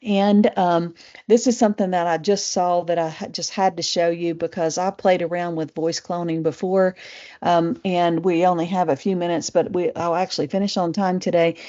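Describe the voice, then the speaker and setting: A woman's voice: lowish voice, warm tone. A middle-aged woman with a Southern Appalachian accent, presenting a casual live webinar in a chatty way, full of fillers and restarts. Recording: muffled lo-fi webinar audio.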